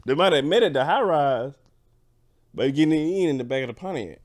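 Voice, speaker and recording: A man's voice: on the high side, lively intonation. A man with the hiccups, co-hosting a podcast in casual, joking banter. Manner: joking, quick back-and-forth banter. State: has the hiccups. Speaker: podcast co-host. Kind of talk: casual chat. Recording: echoey room.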